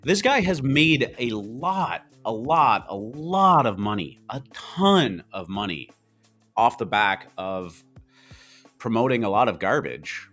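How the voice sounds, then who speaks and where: A man's voice: medium pitch, big pitch swings, slow pace, fairly bright tone, faint music behind. A man with a Canadian accent co-hosting a podcast, talking bluntly in a rambling, casual way full of fillers. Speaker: co-host.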